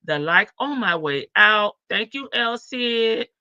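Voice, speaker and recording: A woman's voice: medium pitch, lively intonation, slow, sharp tone, no room sound, lo-fi sound. A woman hosting a casual livestream, reading chat comments aloud and chatting with viewers. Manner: chatty, reads comments aloud, laughs often.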